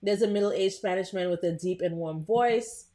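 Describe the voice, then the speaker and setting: A young adult woman hosting a live tutorial in a casual, chatty way, talking to viewers and filling pauses with um. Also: lowish voice, mellow. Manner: chatty, talks to live viewers, frequent "um" and restarts.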